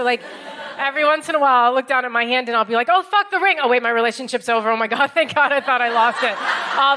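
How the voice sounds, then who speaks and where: An American woman in her thirties performing stand-up comedy in a club, wry and deadpan, acting out other people's lines. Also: fairly high pitch, a little hiss or hum. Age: 30s.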